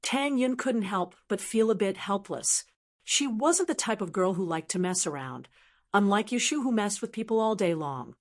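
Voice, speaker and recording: A woman narrating a web novel audiobook with a steady, even reading. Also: medium pitch, normal speed.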